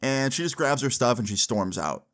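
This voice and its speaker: A man's voice: mid-range voice, expressive, normal speed, fairly bright tone. A young man recounting a personal story in a chatty storytime style, full of "like" and "you know" fillers. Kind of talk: casual storytime.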